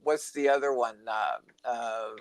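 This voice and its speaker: A man's voice: mid-range voice, unhurried, a little hiss or hum. An older man, co-host of a spiritual talk show, telling rambling stories in casual chat and now and then losing his train of thought. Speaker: podcast co-host.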